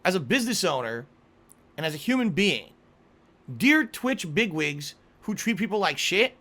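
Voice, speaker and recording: A man's voice: high voice, big pitch swings, moderate pace, sharp tone. A man ranting profanely as a gaming video creator, swinging between fuming complaints over gameplay and upbeat praise. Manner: profane, bitter, swearing often. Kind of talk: angry gameplay commentary and rants.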